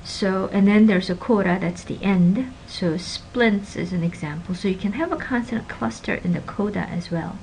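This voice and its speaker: A woman gives a linguistics lecture at a middle pitch, leaning hard on example words and then slipping into soft asides. Her voice has a faint hum of room noise behind it. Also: normal speed, creaky, hardly any pauses, rough recording. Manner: animated teacher, stresses example words, drops to soft asides. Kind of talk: recorded classroom lecture.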